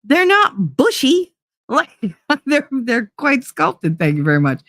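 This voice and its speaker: A woman's voice: sits high, huge pitch swings, takes it slowly, fairly bright tone, no room sound, clean studio sound. Blunt, salty-tongued woman host. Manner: blunt, profane, laughs often. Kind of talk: casual storytelling chat.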